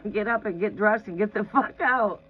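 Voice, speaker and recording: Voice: medium pitch, moderate pace. Blunt, foul-mouthed tarot reader who laughs a lot, casual live-stream advice, dull lo-fi audio with faint noise. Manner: blunt and profane, laughs often.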